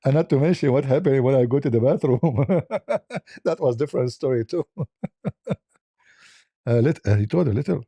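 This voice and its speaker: Gravelly dark-voiced man chuckling through a story. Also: medium pitch, racing, few pauses, dry recording. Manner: chuckling, broken English, many restarts. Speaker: host. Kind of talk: casual storytelling on a live stream.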